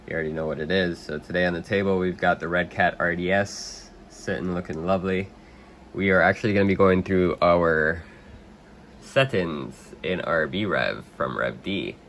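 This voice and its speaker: Deep-voiced man, a little under the weather. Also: moderate pace, slight background noise. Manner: relaxed, rambling with many ums, clears throat. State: under the weather, slightly hoarse. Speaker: RC hobby video host. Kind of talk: casual hands-on walkthrough.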